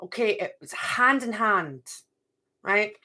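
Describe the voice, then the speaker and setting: A woman's voice: mid-range voice, expressive, takes it slowly, pushed and bright. A middle-aged woman giving a live card reading to viewers. She chats, talks to herself and repeats phrases. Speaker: card reader.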